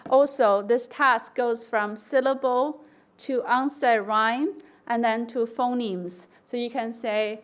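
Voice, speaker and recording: Woman lecturer, measured pace, slightly high voice, explanatory, acts out test prompts. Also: steady tone. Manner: explanatory, demonstrates test prompts with slow stressed words. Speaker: conference speaker. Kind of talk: academic lecture.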